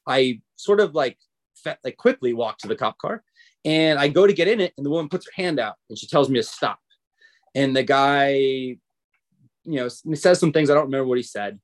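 A man's voice: medium pitch, moderate pace. Man telling a story in casual chat. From United States. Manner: animated, acts out others' lines in quotes. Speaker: podcast guest.

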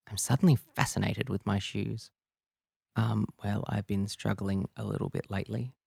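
Male narrator, low gravelly voice, raw and confessional, first-person drama read. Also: level tone, moderate pace, mellow, no echo, clean studio sound.

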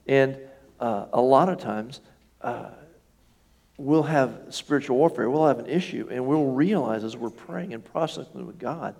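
Gravelly-voiced pastor preaching conversationally. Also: male voice, medium pitch, unhurried, a little mellow. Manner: conversational, asks the congregation questions. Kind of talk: sermon.

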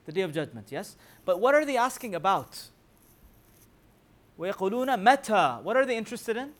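Male religious teacher, slightly high voice, rapid recitation, keeps quizzing the room. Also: big pitch swings, a bit bright. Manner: quizzes listeners with rhetorical questions; recites scripture in rapid chanting. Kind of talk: Quran commentary class.

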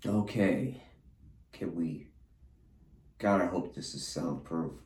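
A man's voice: sits low, takes it slowly, a little mellow, roomy sound. A man in a disoriented drugged state, rambling profanely in a disjointed stream of consciousness, veering between mumbles and anguished cries. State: disoriented, under the influence of a drug. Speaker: podcast host recording his own treatment session.

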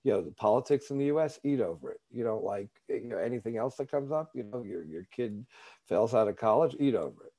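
A man voicing his food addiction as a soft, wheedling inner voice that tempts him to eat. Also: medium pitch, expressive, fast talker, lightly acted. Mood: coaxing. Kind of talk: acted inner voice in a recovery share.

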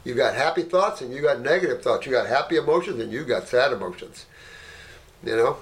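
Rambling, animated man telling stories. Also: a little fast. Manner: rambling, peppered with "you know" and "right?"; animated, jumps up in pitch when telling stories. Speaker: herbalist running a clinic. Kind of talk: casual anecdotal talk.

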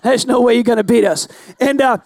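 A man delivers a lively sermon in a strikingly high voice, laughing at himself as he tells a story. He breaks into shouts as the story builds. The sound is dry and close, with no room echo. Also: fairly quick, gravelly. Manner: animated, self-mocking, often shouting. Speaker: pastor. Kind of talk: storytelling sermon to a live audience.

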